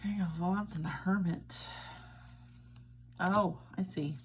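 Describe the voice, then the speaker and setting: A woman's voice: fairly low pitch, steady tone, slow, a little hiss or hum. A woman giving a casual tarot reading, chatty and reassuring, often checking in with "all right?". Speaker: tarot reader.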